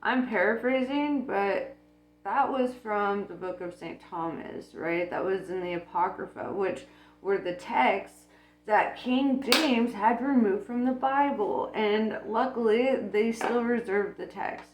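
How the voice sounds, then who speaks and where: Woman, unhurried casual monologue, frank and profane, laughs a lot, roomy sound. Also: mid-range voice. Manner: blunt, swears freely, laughs often. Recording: echoey room with faint music.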